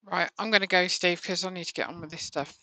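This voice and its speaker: A woman's voice: lowish voice, fairly even intonation, fast, bright, forceful tone, no room sound, rough recording. A woman co-hosting a live stream, reading out viewers' comments and teasing her partner. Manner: teasing, reads messages aloud. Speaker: co-host reading out chat comments. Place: home workshop.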